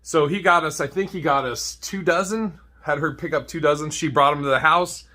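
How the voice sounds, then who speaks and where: Man, comedian, bright voice, profane storytelling, laughs a lot. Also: a little high, fairly quick. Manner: profane, laughs at own jokes.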